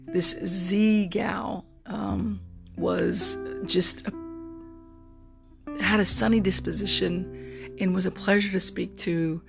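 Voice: mid-range voice, vocal fry. A podcast host in their forties, telling stories in an earnest, meandering way in a casual solo monologue. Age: 40s. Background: guitar music.

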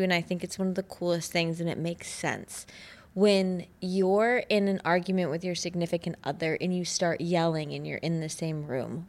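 A woman co-hosting a podcast, earnestly explaining her ideas in casual chat. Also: lowish voice. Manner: earnest, explains ideas, some fast bursts.

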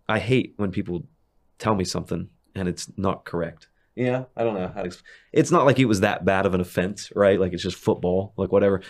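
A young man with a very low, deep voice chatting casually. He rambles through his stories in a relaxed way, full of fillers and restarts. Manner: rambling, laid-back storytelling with many fillers. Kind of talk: casual chat.

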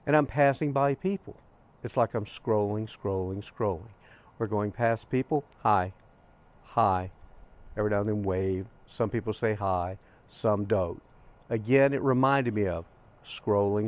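An older man hosting a grief vlog, telling a personal story in an earnest, gentle way with soft pauses. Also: fairly low pitch. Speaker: grief podcast host. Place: outdoors on a hiking trail.

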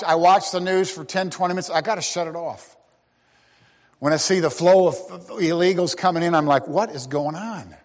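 A man preaching a sermon with a fairly high voice, pressing hard on key lines and then dropping to a hush. A long reverb trails after his words, as in a church hall. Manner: emphatic preaching with swings between loud and hushed. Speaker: pastor.

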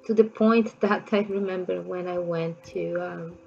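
Woman, gravelly voice, halting and hesitant, non-native English phrasing, dull lo-fi recording with faint music. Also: lowish voice, fairly even intonation, a little mellow. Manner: halting, with frequent pauses and fillers. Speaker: storyteller. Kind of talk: personal recollection told casually.

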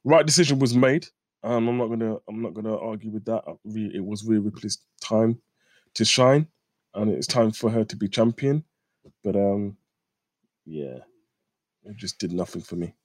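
A man's voice: fairly low pitch, moderate pace, long pauses, a little mellow, dry recording, studio quality. A man co-hosting a casual chat, laid-back and blunt, often restarting his sentences. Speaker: podcast co-host. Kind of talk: casual chat about wrestling.

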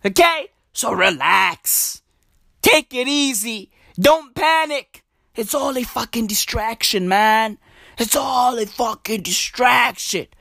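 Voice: medium pitch, takes it slowly, sharp tone, no echo, studio quality. A stand-up comedian, ranting profanely in a comedy routine and hammering lines through repetition. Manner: profane, ranting, emphatic with repeated catchphrases.

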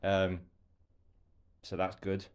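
A man from England hosts a podcast, chatting casually about football, laughing often and poking fun at himself. His low voice comes out very slowly with a completely flat delivery.

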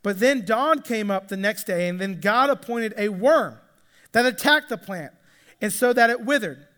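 Guy preaching casually, jokey and chatty, high voice, echoing through a big hall. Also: lively intonation, normal speed, pushed and bright. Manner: chatty, joking, acts out quotes. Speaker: pastor. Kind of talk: casual sermon. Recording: long hall reverb.

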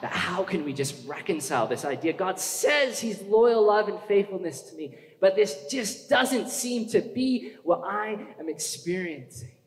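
A man's voice: high voice, expressive, unhurried, hardly any pauses. A man preaching a sermon in a conversational way, asking the congregation questions and building to urgent emphasis. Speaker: pastor. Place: church hall. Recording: echoey hall with long reverb.

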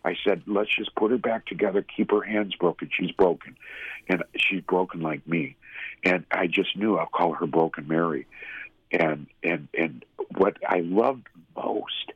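Deep raspy guy telling his story haltingly, tinny phone sound, dry. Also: no echo. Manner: halting storytelling with restarts, emotional. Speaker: guest, former radio host. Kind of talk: personal testimony in an interview.

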